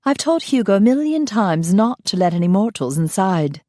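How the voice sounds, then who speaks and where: A woman's voice: medium pitch, big pitch swings, normal speed, mellow, no room sound, clean studio sound, pitched above the performer's own voice, natural voice. A woman voicing a haughty female vampire with a snooty British accent.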